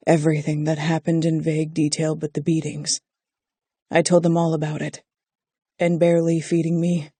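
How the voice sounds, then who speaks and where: An audiobook narrator voicing a protective, haunted young man who talks in a low, clipped way. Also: creaky, warm tone, husky, dry recording. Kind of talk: audiobook character voice.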